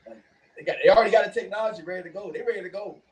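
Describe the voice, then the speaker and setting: A man co-hosting a casual talk show, telling animated stories and laughing often. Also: high voice, racing, distant mic, poor audio. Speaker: co-host. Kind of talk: casual chat.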